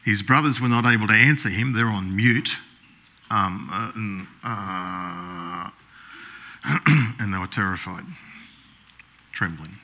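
Bright-voiced pastor telling a story. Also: male voice, lowish voice, slow, pauses often. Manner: storytelling, acts out the brothers' lines in a hushed voice; frequent throat clearing. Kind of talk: sermon.

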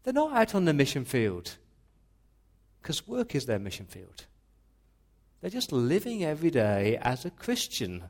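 A man's voice: mid-range voice, a little mellow. A male pastor preaching a sermon in an earnest, emphatic way, often restarting words.

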